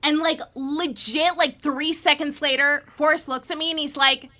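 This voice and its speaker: A woman telling an anecdote in casual podcast chat, dramatic and animated, often bursting into laughter. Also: high-pitched, moderate pace, hardly any pauses, slight background noise. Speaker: guest performer.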